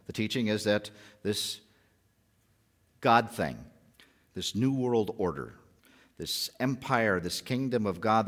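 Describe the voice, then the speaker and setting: A male pastor giving a conversational sermon, often posing rhetorical questions to the congregation. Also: on the low side.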